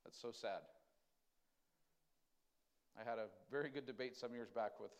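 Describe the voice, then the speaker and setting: A pastor gives a conversational sermon, asking the congregation questions and shifting between loud emphasis and quiet, tender lines. His voice is mid-range and his pace moderate.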